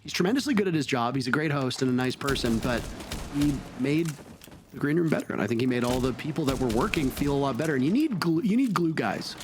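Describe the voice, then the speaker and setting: An esports caster with a mid-range, lively voice talks fast over a noisy background. He chats loosely through the broadcast, rambling and correcting himself as he goes.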